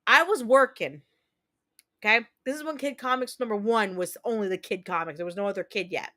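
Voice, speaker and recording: A woman's voice: medium pitch, brisk, pushed and bright. A woman in her thirties hosting a casual livestream chat, telling personal stories candidly and emotionally, with a noticeable accent and mild swearing. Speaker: streamer host.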